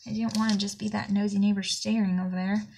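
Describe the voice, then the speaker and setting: A woman's voice: medium pitch, little pitch movement, fast talker, vocal fry, noisy background. A woman with a Southern US accent telling a long indignant story in a chatty vlog, slightly out of breath. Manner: chatty, indignant rambling anecdote. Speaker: planner vlogger.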